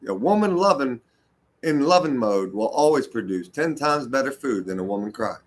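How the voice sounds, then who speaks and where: A man's voice: medium pitch, lively intonation, moderate pace, rough recording. A man ranting to camera in a casual, heated, profanity-laced ramble. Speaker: vlogger.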